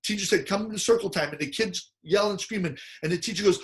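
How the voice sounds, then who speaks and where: A man giving an animated teaching talk, acting out quoted people in loud, excited bursts. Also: high-pitched, fast talker, few pauses. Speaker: personality model speaker.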